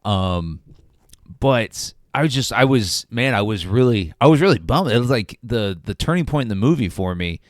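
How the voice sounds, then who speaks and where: A man co-hosting a podcast, talking about a film in a halting way, full of restarts and ums. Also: lowish voice, expressive, no echo, studio quality. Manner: hesitant, many restarts and ums. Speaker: podcast co-host. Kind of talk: casual movie review chat.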